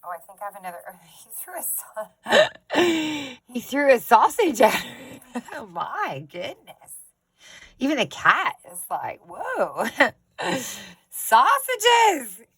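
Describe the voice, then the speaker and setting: A woman's voice: a little high, very animated, slow, husky, no echo, poor audio. A woman crafter chatting casually as she shows off her book collection, gushing and giggling, recorded on a phone. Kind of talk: casual show-and-tell chat.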